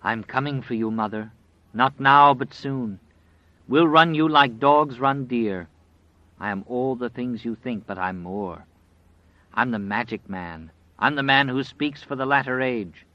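A man voicing a menacing, grinning male wolf demon that taunts in a drawn-out, sneering way, in an audiobook. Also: medium pitch, no echo, close to an everyday voice. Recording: dry, slightly dull audio.

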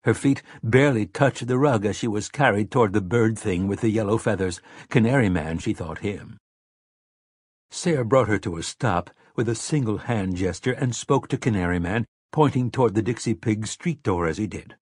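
A man narrating an audiobook in a measured, even manner on a close mic. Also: fairly low pitch, slightly rough, no echo. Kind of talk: scripted narration.

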